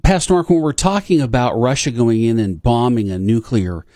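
A man hosting a talk show, speaking haltingly with many pauses and restarts. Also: medium pitch, dark tone, dry recording, studio quality. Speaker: show host.

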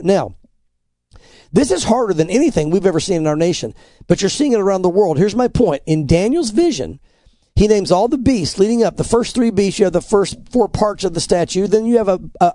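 A man's voice: sits high, mellow, no echo. Man, pastor, middle-aged, preaching commentary, dry close sound, emphatic. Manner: emphatic, earnest, quotes scripture and articles. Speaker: pastor, co-host. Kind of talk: preaching-style news commentary.

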